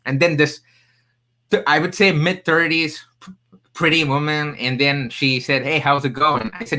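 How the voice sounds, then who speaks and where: Bright-voiced man telling stories, accented. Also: on the high side, moderate pace, rough recording. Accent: non-native English accent. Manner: animated, emphatic storyteller with jokey asides. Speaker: podcast guest, career coach. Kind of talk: storytelling in a casual interview.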